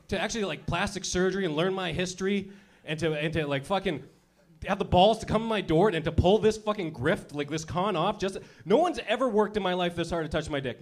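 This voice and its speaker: A man's voice: high-pitched, a little fast. A man in his thirties doing profane stand-up comedy, working the crowd and laughing at his own jokes.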